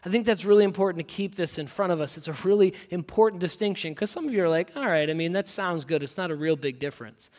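A man's voice: high-pitched, fast, hardly any pauses, a little mellow, long reverb tail. A man in his thirties preaching a sermon as a pastor, conversational and self-deprecating, telling family stories with casual asides.

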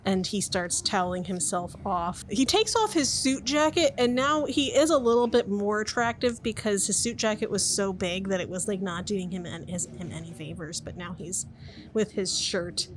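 A woman narrating as game master of a tabletop game, lively and often laughing. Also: medium pitch, normal speed, slight background noise.

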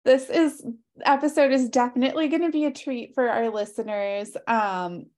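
A woman's voice: fairly high pitch, steady tone, moderate pace, a little mellow. A woman hosting a podcast, talking in an upbeat, hyped, casual way. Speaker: podcast host.

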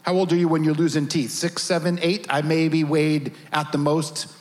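A pastor telling a lively personal story at the start of his sermon, acting out the other people in it. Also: a little high, moderate pace. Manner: animated storytelling, acts out voices.

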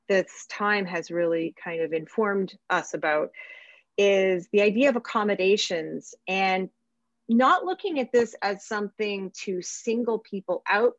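A woman professor talks in a reflective, conversational way at a middle pitch, her words softening as she trails off. The audio is dull and dry, as if it comes through a video call. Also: no echo. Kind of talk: casual panel discussion.

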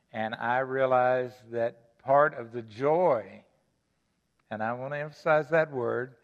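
An older male pastor delivers an earnest sermon, leaning on key words and repeating his phrases. His voice carries a long church reverb, and the recording sounds dull and lo-fi. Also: mid-range voice. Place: church sanctuary.

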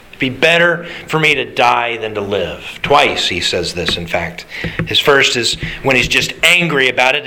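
A man preaching a sermon, animated and conversational, acting out quotes as he goes. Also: medium pitch, poor audio. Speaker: pastor.

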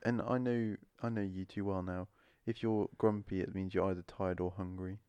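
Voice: deep voice, fairly even intonation, normal speed, mellow, smooth, dry recording. A co-host chatting on a casual home podcast, easygoing and joking. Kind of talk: casual chat. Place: home living room.

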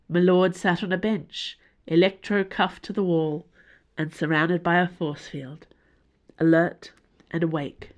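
A woman with a lowish voice narrating an audiobook. Her delivery is expressive and shifts with the action of the story.

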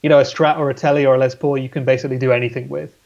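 A man's voice: mid-range voice, level tone, very fast, vocal fry, a little mellow, dull audio. A man guesting on a casual podcast, talking in an easygoing, agreeable way. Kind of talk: casual chat.

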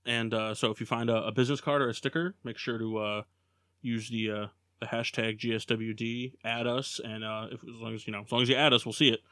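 A man's voice: medium pitch, level tone, brisk, a bit bright, no echo. A man hosts a casual sports podcast with friends, steering segments and cracking jokes. His voice sits mid-range and he leans on "uh" and "um" as he goes. The sound is close and dry. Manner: jokey, leads segments with many fillers. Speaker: podcast host.

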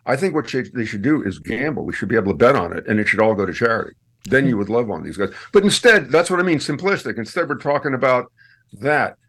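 A man appearing as a guest on a radio show, chatting casually and telling stories with lively swings up in pitch for punchlines. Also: quick pace, husky. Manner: animated storyteller, swings high for punchlines. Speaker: guest, podcast host.

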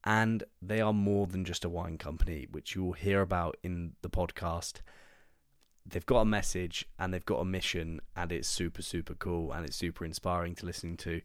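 A man with a notably low voice hosts a casual podcast interview while fighting a cold. His tone is stuffed-up and nasal, and he keeps things chatty and upbeat. The sound is dry and close to the mic. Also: steady tone, normal speed, dry recording. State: congested with a cold. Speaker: podcast host.

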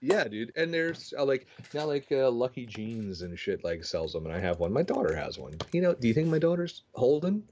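A man's voice: mid-range voice, big pitch swings, brisk, hardly any pauses, darkish tone, a little hiss or hum. A man in his thirties chatting casually as a podcast co-host, rambling with lots of fillers and poking fun at himself. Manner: rambling, filler-heavy, self-mocking storyteller. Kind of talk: casual chat. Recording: dull lo-fi audio.

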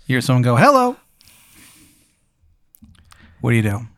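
A man hosting a podcast, casually spinning an improvised comedy hypothetical with deadpan swearing. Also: medium pitch, very fast, vocal fry, a little hiss or hum. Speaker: podcast host.

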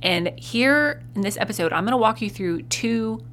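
A woman's voice: on the high side, expressive, moderate pace, a bit bright, a little hiss or hum. A woman in her thirties from Colorado with a Southern US accent, hosting a casual solo podcast in a folksy, upbeat way and laughing often. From Colorado, USA. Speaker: podcast host.

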